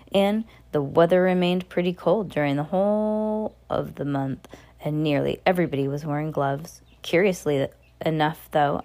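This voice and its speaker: A woman reading a children's novel aloud with expressive storytelling. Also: on the low side. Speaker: reader.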